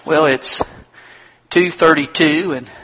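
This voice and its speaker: A man's voice: on the high side, fairly even intonation, slow pace, bright, forceful tone, exaggerated voice, low-quality recording. A man voicing a proud male inventor who brags in a matter-of-fact way. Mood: boastful.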